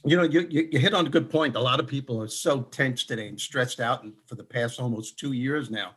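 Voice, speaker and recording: A man co-hosting a comedy talk show, telling anecdotes in an animated way and acting out the people in them. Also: medium pitch, brisk, husky. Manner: animated storyteller, acts out voices. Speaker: comedian co-host. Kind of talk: casual comedic chat.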